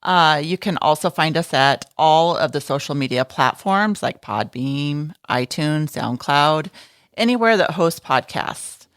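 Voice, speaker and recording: A woman guest co-hosting a casual movie podcast, breezy and offhand, with some swearing. Her voice is lower than most women's, and it is recorded dry and close. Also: animated, unhurried, no room sound. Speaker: guest co-host.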